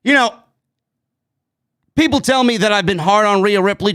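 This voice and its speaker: A man's voice: high-pitched, moderate pace, fairly bright tone, smooth. A man reviewing a wrestling show on his own, blunt and sarcastic, swearing freely. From New York. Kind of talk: opinionated solo show review.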